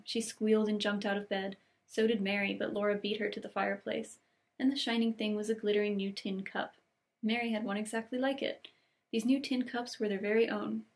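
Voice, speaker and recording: A young woman reading classic novel passages aloud in an unhurried, gentle storybook way, with casual chatty asides between scenes. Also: mid-range voice, creaky. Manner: gentle, unhurried reading, lingering on cozy details. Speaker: book channel host reading aloud.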